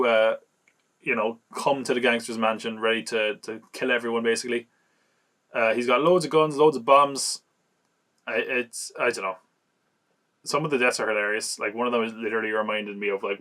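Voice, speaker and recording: A man's voice: medium pitch, a bit bright. Chatty amused man reviewing a movie. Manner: chatty, amused, recaps scenes with quick acted quotes. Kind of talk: casual movie review chat.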